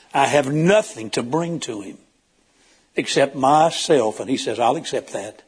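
Husky-voiced preacher with folksy delivery. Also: male voice. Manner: folksy, tells jokes and animal stories, asks the congregation questions; swings from loud emphatic peaks to low quiet asides. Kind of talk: sermon.

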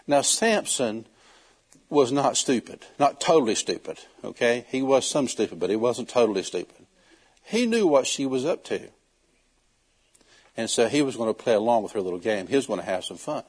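A man preaching, telling a Bible story in a folksy, animated way and acting out the characters. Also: mid-range voice, normal speed, breathy edge. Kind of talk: storytelling sermon.

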